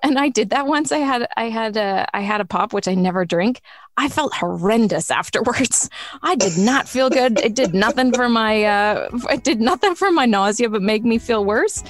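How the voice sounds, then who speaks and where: A woman's voice: fairly high pitch, lively intonation, moderate pace, no echo, clean studio sound. A woman in her forties hosting a podcast about food, chatting casually and laughing often. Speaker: host.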